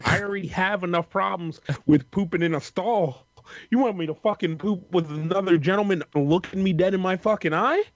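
A man's voice: high voice, brisk, no echo, highs cut off. A man in a casual podcast chat, joking and swearing, calling people "dog" and "dude".

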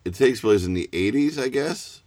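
A man's voice: mid-range voice, lively intonation, moderate pace, darkish tone, no room sound. A man co-hosting a casual comedy podcast over a call, teasing and laughing often. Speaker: podcast co-host.

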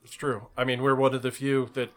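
A man co-hosting a casual comedy podcast, profane and animated, reading text aloud in between jokes. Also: mid-range voice, brisk. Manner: profane, animated, swears often.

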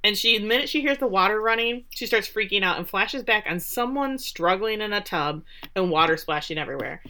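A woman's voice: medium pitch, expressive, fairly quick, sharp tone. A woman co-hosting a podcast, recapping a TV episode in a casual, chatty way with wry asides. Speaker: podcast co-host.

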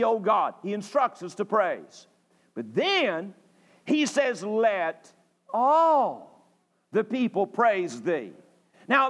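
A man from North Carolina, preaching a sermon emphatically, repeating phrases and rising to shouts. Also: high voice. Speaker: pastor. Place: church sanctuary.

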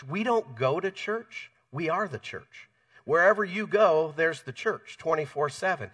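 A man's voice: mid-range voice, bright, forceful tone, recorded from a distance. A man preaching a sermon as the pastor, speaking with emphasis, repeating key phrases and correcting himself mid-sentence.

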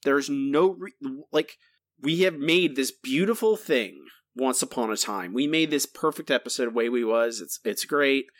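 A man co-hosting a podcast, ranting in an exasperated, animated way in casual chat. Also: medium pitch, unhurried. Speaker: podcast co-host.

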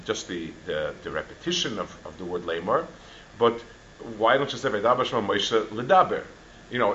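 Halting man teaching a Torah class. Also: on the low side, fairly bright tone, dull audio, slight background noise. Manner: halting, many restarts and fillers, mixes Hebrew and Yiddish terms.

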